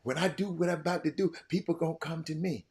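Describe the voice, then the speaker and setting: An older man giving an impassioned monologue as a show host, repeating himself and swinging between loud outbursts and quiet, reflective stretches. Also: a little high, fast. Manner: fiery, repetitive, swinging from shouting to quiet.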